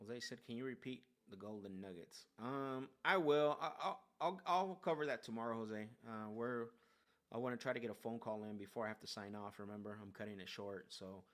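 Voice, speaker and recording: A man's voice: fairly low pitch, brisk, fairly bright tone. A man hosting a casual livestream from his car, making live sales calls in an upbeat, loose way with many fillers. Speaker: real estate sales caller and host.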